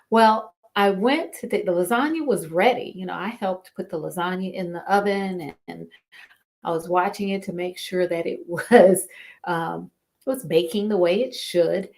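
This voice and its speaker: A middle-aged woman hosting a live talk, telling a story in an unhurried way with frequent pauses and fillers. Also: lowish voice, a little mellow. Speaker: host.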